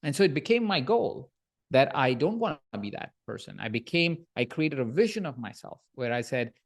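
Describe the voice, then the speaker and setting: Male podcast guest, coach, mid-pitched, lively storyteller, leans on tag questions. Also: moderate pace, creaky. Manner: animated storyteller, frequent "right?" tag questions. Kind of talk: podcast interview conversation.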